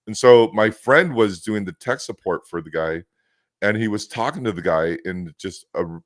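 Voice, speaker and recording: A man's voice: fairly low pitch, expressive, moderate pace, dry recording, clean studio sound. A man with a West Coast American accent hosting a casual podcast, telling rambling stories full of restarts. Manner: rambling, chatty storyteller with many restarts. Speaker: host.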